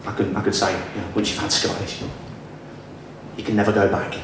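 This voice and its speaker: A young man in his twenties with a generic northern English accent doing a lively, self-deprecating stand-up set on a small club stage. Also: lowish voice, fairly quick. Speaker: stand-up comedian. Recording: far-off echoey club recording with audience. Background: audience laughter and room noise.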